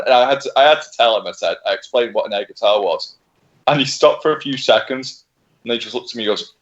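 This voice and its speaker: Animated man, muffled lo-fi stream. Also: medium pitch, brisk. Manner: animated storyteller, laughs often, swears. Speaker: livestream co-host. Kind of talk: casual gaming chat. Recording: muffled lo-fi audio.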